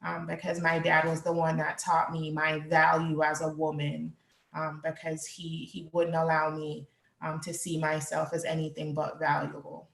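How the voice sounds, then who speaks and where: Low, gravelly woman, flat and reflective. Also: moderate pace, roomy sound. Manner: soft-spoken, reflective, many "um"s. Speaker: panelist. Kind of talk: personal storytelling.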